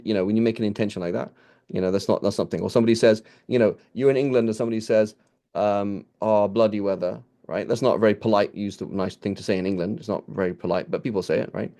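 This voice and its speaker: Relaxed low-voiced man teaching. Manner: conversational, many restarts and "right?" checks; quotes Arabic phrases. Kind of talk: informal Quran lesson.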